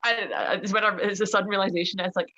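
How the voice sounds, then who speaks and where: A woman's voice: mid-range voice, level tone, very fast, bright, forceful tone, muffled recording. A woman wrestler, a podcast guest, telling stories in casual chat and laughing often.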